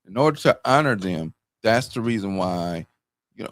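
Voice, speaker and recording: A man's voice: mid-range voice, sing-song, normal speed, fairly bright tone, no room sound. A man in his fifties telling candid stories in casual talk as a show host. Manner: storytelling, candid and profane. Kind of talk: casual chat.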